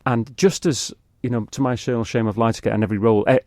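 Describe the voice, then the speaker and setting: A man's voice: medium pitch, fairly even intonation, racing, a little mellow, no room sound, clean studio sound. A middle-aged man from the Isle of Man, an actor guest telling chatty, self-mocking anecdotes in a radio interview. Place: radio studio.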